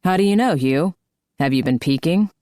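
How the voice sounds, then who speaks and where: A woman's voice: sits low, lively intonation, moderate pace, warm tone, no echo, clean studio sound. A woman voicing a male hockey player who talks bluntly and easily, in an audiobook. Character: rough-talking male hockey player, joking.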